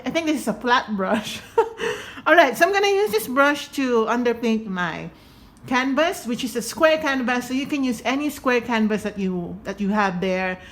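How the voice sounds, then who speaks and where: A woman with a slight lisp talks viewers through a painting tutorial in a casual, chatty way. Her voice sits fairly high, and she giggles and pokes fun at herself as she goes. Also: fairly bright tone. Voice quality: slight lisp from wearing retainers. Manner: chatty, giggly, self-deprecating.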